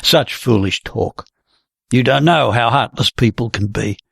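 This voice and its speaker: A man's voice: medium pitch, a little slow, gravelly, fairly bright tone, breathy edge, dry recording, clean studio sound, pitched below the performer's own voice, exaggerated voice. A reader voicing an older man who pleads earnestly and insistently. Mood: pleading. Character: aging man, pleading and protective.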